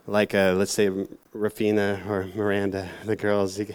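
A man's voice: on the low side, completely flat delivery, moderate pace, clear, resonant tone. A man giving a casual, rambling sermon to a youth group, full of fillers and self-mocking asides. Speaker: youth church speaker.

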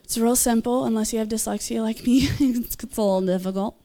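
A young woman giving a casual, enthusiastic sermon, chatting with laughs and fillers and jumping up in pitch when she voices others. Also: fairly quick. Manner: animated, leaps in pitch when voicing others. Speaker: speaker at a church gathering.

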